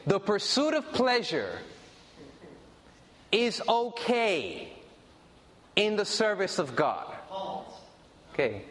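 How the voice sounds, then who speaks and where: A man preaching a sermon with a high, very animated voice that rises and falls through every phrase. He talks to the congregation directly, repeating and stressing his key points. The sound carries the long reverb of a large hall. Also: measured pace.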